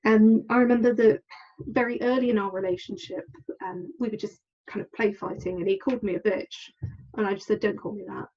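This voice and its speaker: Woman, husky, hesitant and candid, dull call audio. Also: medium pitch, fairly even intonation, fairly quick. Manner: candid, hesitant, acts out quoted lines. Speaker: podcast guest. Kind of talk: personal story in an interview.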